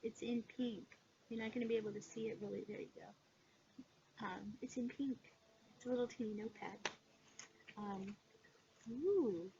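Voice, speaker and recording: A woman chatting casually in a haul video, gushing with excitement and filling pauses with "um". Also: fairly high pitch. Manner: excitable, gushing, many fillers. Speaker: cross-stitch vlogger. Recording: dull lo-fi sound with background noise.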